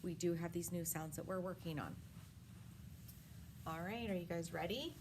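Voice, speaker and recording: A woman teaching a first grade phonics lesson, sounding out words slowly piece by piece and praising often. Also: fairly low pitch, a little mellow, slight background noise. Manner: slow, sound-by-sound enunciation with frequent praise. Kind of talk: phonics lesson for young children.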